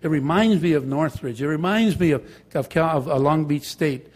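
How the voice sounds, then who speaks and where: A man's voice: a little high, moderate pace, a little mellow. An older man, a former teacher telling a joking anecdote to an audience. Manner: anecdotal, joking, switches into Spanish. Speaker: former high school teacher and counselor. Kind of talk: storytelling talk to an audience.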